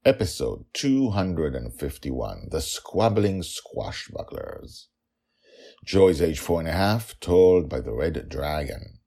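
Very deep, gravelly male storyteller. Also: takes it slowly. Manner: animated, chatty with fillers. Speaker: podcast host and narrator. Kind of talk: storytelling podcast narration.

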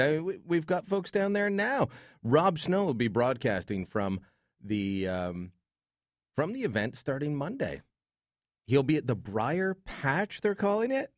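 A man's voice: fairly low pitch, no room sound, studio quality. A man hosting talk radio in a sarcastic, joking way. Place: radio studio.

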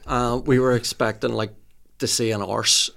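A man in his forties recalls a holiday in easy, chatty podcast talk. His voice has a gravelly, fry-tinged edge. His pitch sits in the middle range for a man. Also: level tone, normal speed, fairly bright tone. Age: 40s. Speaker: podcast host. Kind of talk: casual storytelling chat.

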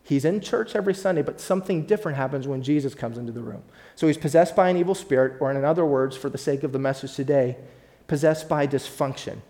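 A man's voice: fairly high pitch, quick pace, mellow. A man as pastor, preaching a sermon and speaking directly to his congregation with rising emphasis.

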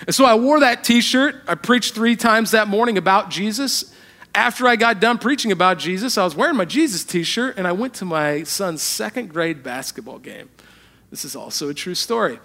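A man preaching a sermon as a pastor, telling funny stories about himself and swinging between hushed, earnest moments and loud, animated ones. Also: sits high, normal speed. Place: church.

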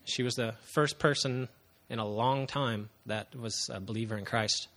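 A man in his thirties giving an earnest, halting personal testimony to a congregation, with frequent pauses and fillers. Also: mid-range voice, steady tone, fairly bright tone. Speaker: church member giving testimony.

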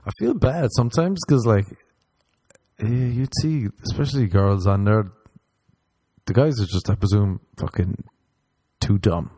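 A young Irish man rambling sardonically in a casual comedic monologue, jumping up in pitch when he acts out other people. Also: unhurried, pauses often, mellow, breathy edge, no room sound. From Ireland.

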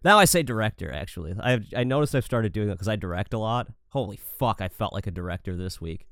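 A man co-hosting a podcast in casual chat, animated and profane, acting out quotes as he talks about directing. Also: lowish voice, fast talker, vocal fry, no room sound, studio quality. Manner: animated, swears a lot, acts out quotes.

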